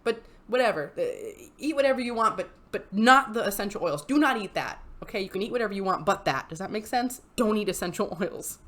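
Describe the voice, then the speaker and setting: A woman giving casual, comedic commentary on Reddit posts, exasperated and animated and laughing often. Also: mid-range voice, a little fast, hardly any pauses. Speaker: YouTuber reading and reacting to Reddit posts.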